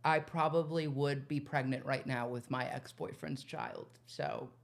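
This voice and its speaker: A woman's voice: rumbling low, steady tone, unhurried, vocal fry. A woman co-hosting a podcast, teasing and joking, laughing often in casual chat. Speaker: podcast co-host.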